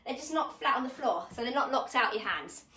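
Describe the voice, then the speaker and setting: A woman's voice: high-pitched, expressive, brisk, bright, forceful tone, echoey room, distant mic. Chatty woman coaching fitness. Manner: chatty, encouraging, demonstrating while talking. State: slightly out of breath. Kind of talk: live online workout technique class.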